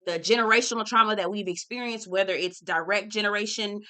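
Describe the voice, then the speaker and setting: A woman's voice: mid-range voice, steady tone, quick pace, pushed and bright. A young woman hosting a reality TV recap, talking candidly and casually to her viewers, swearing freely and calling them "girl" and "y'all". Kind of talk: casual chat.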